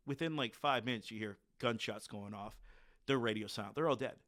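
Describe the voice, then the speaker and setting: A man's voice: on the low side, brisk, fairly bright tone. A man, a military veteran, telling war stories to a podcast host in a blunt, candid way, with lots of filler words. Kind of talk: casual conversational storytelling.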